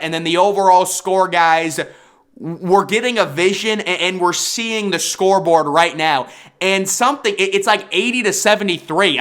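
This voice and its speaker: A man's voice: sits high, a bit bright, smooth. A young man talking casually through his basketball bracket picks in a playful, hyped-up way. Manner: hyped, jokey self-proclaimed bracket expert. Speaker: sports bracket predictor. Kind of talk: casual sports prediction vlog.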